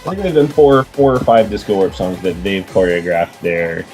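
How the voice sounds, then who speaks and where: Low-pitched guy, rambling podcast guest, faint music behind. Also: lively intonation, normal speed, darkish tone. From Portland, US. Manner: chatty, rambling storyteller with many fillers. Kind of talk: casual podcast chat.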